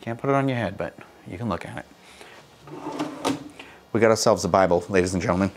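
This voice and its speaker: A man's voice: low-pitched, quick pace, heavy background noise. A young man casually giving a hotel room tour, chatty and jokey with self-mocking asides. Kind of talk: casual walk-through vlog.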